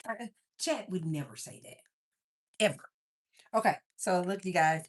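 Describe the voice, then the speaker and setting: A woman's voice: fairly low pitch, measured pace, long pauses. A woman hosting a casual cooking livestream, telling stories animatedly and talking to viewers. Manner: animated storyteller, talks to viewers as "you guys". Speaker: livestream host.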